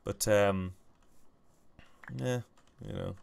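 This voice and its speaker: Low-voiced man muttering over gameplay. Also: extremely slow, creaky, slight background noise. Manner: muttering to himself, rambling, chuckling. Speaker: gaming channel host. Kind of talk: casual gameplay commentary.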